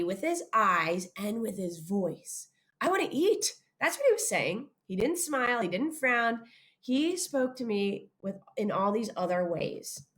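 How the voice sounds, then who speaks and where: A woman giving a chapel talk to young schoolchildren, expressive and lively, putting questions straight to the kids. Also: mid-range voice.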